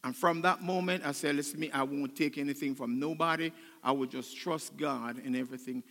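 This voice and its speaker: A man's voice: medium pitch, steady tone, brisk. Older man, pastor, sermon, emotional and choked up, fervent, echoing church hall. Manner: emotional, building to loud fervent preaching. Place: church sanctuary.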